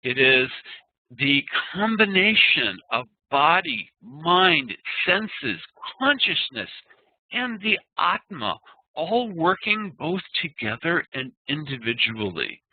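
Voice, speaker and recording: A man teaching an online class, explaining terms and slowly chanting Sanskrit verses. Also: fairly high pitch, very animated, creaky, no room sound. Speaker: Ayurveda teacher. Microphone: video call. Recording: tinny phone-like web call audio.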